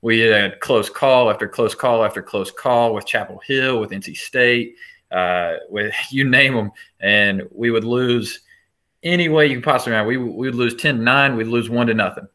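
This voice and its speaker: A man who works as an assistant baseball coach, telling stories in a casual interview, chatty and animated, laughing between restarts. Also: medium pitch, normal speed.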